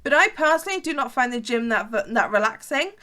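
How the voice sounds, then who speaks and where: A woman in her twenties with a slightly posh English accent chats over her gameplay at a desk mic. Her voice sits fairly high and sounds bright and tense, and she rambles freely with frequent ums and self-corrections. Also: animated, quick pace. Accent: English, fairly posh southern-leaning. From West Midlands, England. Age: 20s. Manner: rambling, frequent ums and restarts, chatty asides. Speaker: gaming YouTuber. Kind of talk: casual chat over gameplay.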